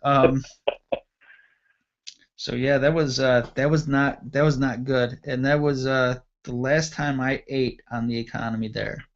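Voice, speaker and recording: A man's voice: medium pitch, takes it slowly. A man in his thirties hosting a radio show, telling a crude story in casual chat and acting out the other voices. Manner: animated, acts out voices, crude humor. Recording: dull lo-fi radio show audio.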